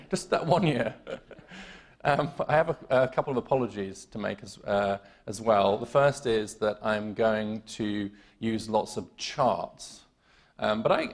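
British keynote speaker, man, gravelly timbre, dry self-mocking wit, talks through ums. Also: on the low side. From United Kingdom. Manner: wry, self-deprecating humor with many fillers and restarts. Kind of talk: conference keynote talk. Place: conference hall.

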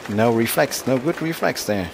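A man playing a mobile tennis game and commenting live, excitable and self-critical, with frequent exclamations. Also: medium pitch, moderate pace, a crowd in the background. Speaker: mobile game let's-play host. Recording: loud background noise.

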